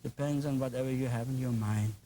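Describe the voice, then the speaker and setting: A man's voice: mid-range voice, fairly even intonation, brisk, warm tone, a little hiss or hum, low-quality recording. An older man with a German accent, teaching a painting lesson in an enthusiastic, folksy, chatty way with playful asides. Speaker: painting instructor.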